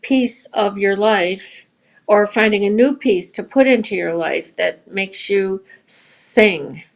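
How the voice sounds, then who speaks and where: A woman's voice: medium pitch, takes it slowly, vocal fry. A woman who runs a yarn shop, talking as a guest in a casual podcast conversation and telling stories earnestly. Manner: earnest, storytelling.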